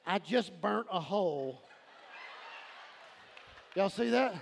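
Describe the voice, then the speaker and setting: A man preaches with a high, gravelly voice. His sermon is animated, and he often breaks into shouts. A long reverb from the sanctuary and a faint congregation sit behind him. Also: slow, slight background noise. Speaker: pastor. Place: large church sanctuary. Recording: crowd in a reverberant church hall.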